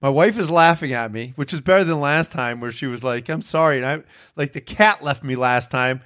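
A man's voice: medium pitch, a little fast, fairly bright tone, clean tone. A man hosting a podcast in casual chat, telling a rambling, profane story with self-mocking laughs. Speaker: podcast host.

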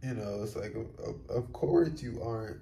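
A man's voice: fairly low pitch, normal speed, vocal fry, warm tone, slight background noise. A man talking through a solo reflective podcast monologue in a rambling, casual way, full of fillers and offhand swearing. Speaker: podcast host. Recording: roomy echo.

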